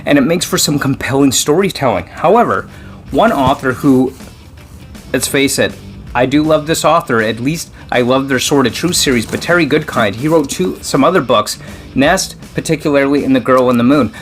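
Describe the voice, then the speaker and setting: A man in a casual solo vlog, chatting at an everyday middle pitch. He rambles, circles back on himself, and now and then breaks into animated exclamations. Faint music plays softly underneath. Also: moderate pace. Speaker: book vlogger host.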